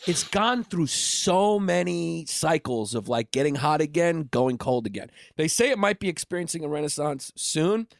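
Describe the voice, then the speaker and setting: A man co-hosting a podcast, musing in a relaxed, crude way. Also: fairly high pitch, gravelly, no echo, studio quality. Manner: crude, laid-back, drawn-out musing. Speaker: podcast co-host. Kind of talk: casual chat.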